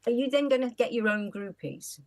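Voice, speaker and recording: A woman's voice: on the high side, animated, fairly quick. A woman performing in an improv comedy scene, playful and teasing.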